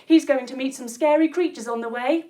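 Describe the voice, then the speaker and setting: A woman telling a yoga story for children in an animated, sing-song and encouraging way. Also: sits high, fairly quick. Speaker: kids yoga instructor and storyteller.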